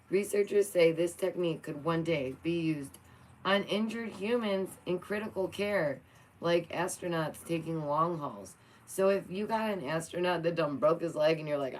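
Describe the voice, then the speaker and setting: A woman's voice: on the low side, a little slow, low-quality recording. A young woman vlogging, reading science news aloud and joking with her cat in a playful, chatty way. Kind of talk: casual chat reacting to news.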